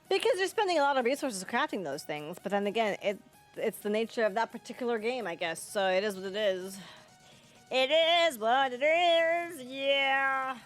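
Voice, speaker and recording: A woman livestreaming a game, chatting playfully with her viewers and laughing often. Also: medium pitch. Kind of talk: live gameplay commentary and chat with viewers.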